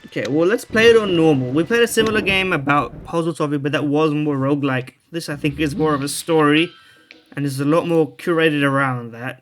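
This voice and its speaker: A man's voice: a little high, brisk. A man playing a detective game and reading its text aloud, breaking off into rambling, joking asides. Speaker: video game streamer. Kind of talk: let's play commentary.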